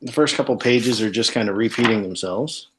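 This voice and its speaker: A man's voice: lowish voice, brisk, noisy background. A man hosting a casual chat, hesitant and full of fillers as he reads from a book. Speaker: host. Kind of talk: casual chat, reading book text aloud.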